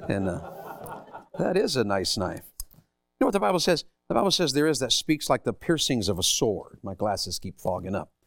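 Lively preacher man. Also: medium pitch, moderate pace, creaky, dry recording, clean studio sound. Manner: calls on the audience, folksy and teasing. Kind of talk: interactive sermon. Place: church hall.

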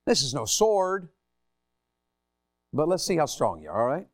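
A man's voice: on the high side, wildly swooping pitch, unhurried. A middle-aged man preaching a sermon, calling on the audience with a folksy, teasing manner. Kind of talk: interactive sermon. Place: church hall.

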